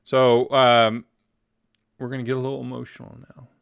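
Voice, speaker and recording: A man's voice: medium pitch, little pitch movement, normal speed, vocal fry, clean tone. A man hosting a casual livestream interview, chatty and joking as he asks personal questions.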